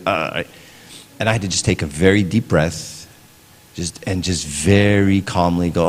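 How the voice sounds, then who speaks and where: A man's voice: sits low, a little fast. A middle-aged man giving a casual parenting talk at church, conversational, often asking "right?". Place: church hall. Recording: long hall reverb.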